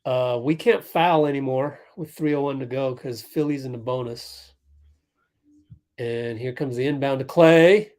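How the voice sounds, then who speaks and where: A young man hosting a casual sports livestream, thinking aloud and calling plays in quick bursts while chatting with viewers. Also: mid-range voice, a little mellow. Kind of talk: casual live game commentary and chat.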